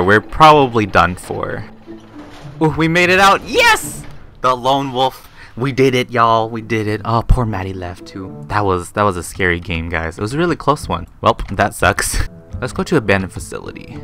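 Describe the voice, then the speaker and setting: A young man does excitable Let's Play commentary over game music, his creaky voice often leaping into high shrieks and laughter. He's a gaming YouTuber.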